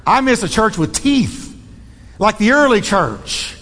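High-voiced man preaching in an echoing hall. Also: very animated, slow, a bit bright. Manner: bold, emphatic preaching with shifting pace. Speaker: pastor. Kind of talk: sermon. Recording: long reverb of a large hall.

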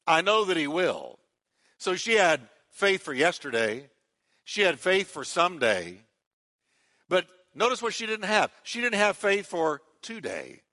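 A man's voice: high voice, sing-song, unhurried, bright, forceful tone. A man preaching a sermon as pastor, emphatic and repetitive, calling the congregation to respond.

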